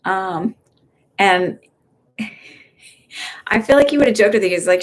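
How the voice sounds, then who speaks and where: A woman's voice: mid-range voice, lively intonation, slow pace, pauses often. A young woman giving live psychic readings in a chatty, hesitant way, full of fillers and restarts. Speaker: psychic medium host. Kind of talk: casual live-stream reading.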